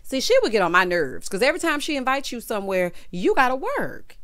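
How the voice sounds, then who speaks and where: Sassy woman in her fifties, lively pitch. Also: no room sound. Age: 50s. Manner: sassy, animated, drawn-out teasing. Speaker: reality TV recap host. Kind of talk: casual recap commentary.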